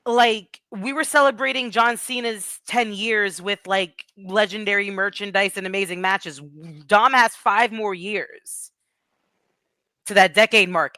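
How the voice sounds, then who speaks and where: A woman's voice: medium pitch, bright, forceful tone, clear, resonant tone, no echo. A woman guest on a wrestling podcast, chatting casually and gushing in a rambling way about her favorite moments. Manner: gushing, rambling fan talk. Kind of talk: casual chat.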